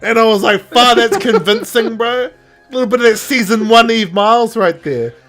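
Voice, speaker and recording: A podcast co-host with a very high-pitched, fairly bright voice talks at normal speed over soft background music. In casual chat he animatedly retells episodes, putting on voices to act out the characters.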